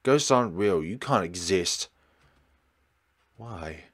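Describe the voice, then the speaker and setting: A man's voice: low voice, lively intonation, slow pace, full character voice. A man voicing a frightened, angry young man in a horror game, tense and defensive. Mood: distraught.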